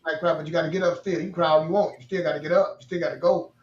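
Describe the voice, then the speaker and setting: A man's voice: a little high, racing, far from the mic. A man co-hosting a show, telling stories and giving emphatic, repetitive motivational advice. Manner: animated, laughing, repetitive, emphatic. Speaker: podcast co-host. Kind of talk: casual motivational storytelling. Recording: dull, roomy audio.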